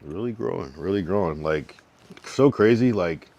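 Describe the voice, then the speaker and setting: Deep-voiced man practicing a word aloud. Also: animated, normal speed, a little mellow, highs cut off. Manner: repeats a word over and over to get the pronunciation right; loose and rambling, with many fillers and laughs. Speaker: livestreamer. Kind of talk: casual live-stream chat.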